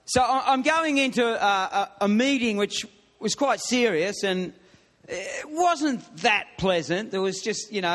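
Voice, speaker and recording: Middle-aged guy preaching, high voice, chatty and laughing, long hall echo. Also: a bit bright. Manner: chatty, laughs often, many restarts. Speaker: pastor. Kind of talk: sermon with humorous story. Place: church hall.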